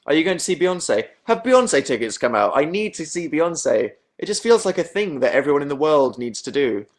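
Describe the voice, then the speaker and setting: A man's voice: fairly high pitch, big pitch swings, normal speed. A young man from England hosting a casual late-night livestream from his bedroom, reading viewer comments in a dry, sarcastic, self-mocking way. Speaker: livestream host.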